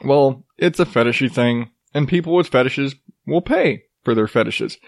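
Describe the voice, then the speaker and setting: A man's voice: medium pitch, no room sound, studio quality. A man in his thirties hosting a podcast, riffing sarcastically on odd news stories with lots of swearing and laughter. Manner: profane, sarcastic, laughs often. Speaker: podcast host. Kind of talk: casual comedic news commentary.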